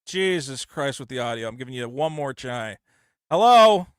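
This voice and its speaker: A man hosting a call-in show, rambling and swearing, acting out quotes in high voices. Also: very animated, moderate pace, fairly bright tone. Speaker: host. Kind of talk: casual call-in show banter.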